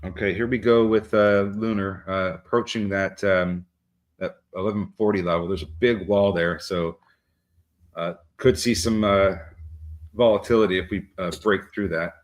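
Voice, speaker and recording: A man co-hosting a live market show who talks through price levels in a halting way with many filler sounds. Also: low voice, fairly even intonation. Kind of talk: live trading commentary.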